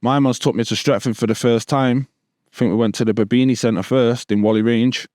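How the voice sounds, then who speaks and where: A man's voice: medium pitch, steady tone, brisk, a little mellow, dry recording, clean studio sound. A man from Stockport with a Manchester accent, a podcast guest in his thirties telling stories in casual street slang. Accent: Manchester English. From Stockport, England. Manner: casual street slang, repeated "bro" and "do you know what I mean". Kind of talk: storytelling in a podcast interview.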